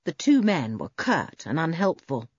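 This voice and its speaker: Woman narrator, storybook reading, very lively pitch, breathy, dull lo-fi sound. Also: a little slow, no echo. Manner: expressive, animated reading. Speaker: audiobook narrator.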